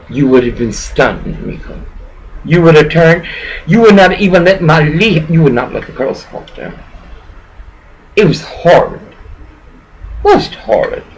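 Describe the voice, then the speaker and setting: A woman speaking into a video in an unhurried but agitated, rambling way, emotional and quick to curse as her thoughts wander. There is a faint hiss of noise behind her voice. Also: low-pitched, low-quality recording.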